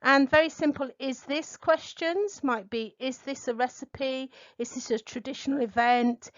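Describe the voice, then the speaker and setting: A middle-aged woman English tutor gives a spoken lesson to camera, explaining carefully in a clear, deliberate way and stressing key words. Her voice sits high with fairly even intonation, and the recording is dry and muffled.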